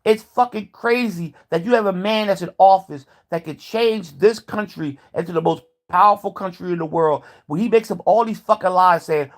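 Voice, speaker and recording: A man's voice: sits high, normal speed. Heated, profane man ranting to camera. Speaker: vlogger. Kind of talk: ranting commentary.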